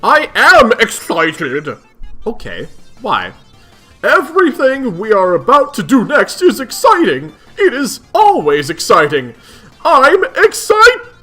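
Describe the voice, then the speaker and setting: Excitable young female sea alien, read by a man: bright and bubbly, full of glubs. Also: high voice, measured pace, faint music behind, pitched above the performer's own voice, full character voice. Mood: excited. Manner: gushing, says "glub" over and over. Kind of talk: reading a webcomic aloud.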